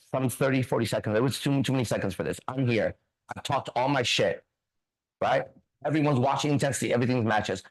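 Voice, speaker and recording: A man's voice: medium pitch, rough recording. Guy hosting a faith chat, cursing a lot, telling a story with lots of energy. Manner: profane, animated storyteller. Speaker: ministry host.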